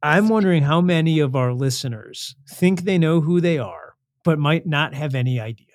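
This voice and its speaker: A woman's voice: low voice, lively intonation, moderate pace, no echo, clean studio sound. A woman hosting a podcast, asking a guest questions and reacting openly, moved to tears at moments. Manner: warmly reactive, tearful at moments. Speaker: podcast host.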